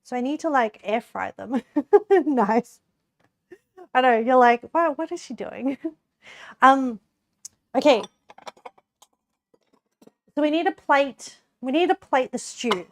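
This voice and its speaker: In a high, expressive voice that moves slowly with long pauses, a young Australian woman chats casually to viewers while cooking on a live stream. She giggles a lot and rambles, leaning heavily on "like" as a filler.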